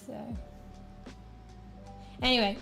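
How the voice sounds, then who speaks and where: A woman's voice: fairly high pitch, fairly even intonation, extremely slow, vocal fry, sharp tone, faint music behind. A young woman with an Australian accent, chatting casually with her stream viewers. She rambles, fills her talk with fillers, and her voice is slightly worn. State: slightly losing her voice, clearing her throat. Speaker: livestreamer. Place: small room at home.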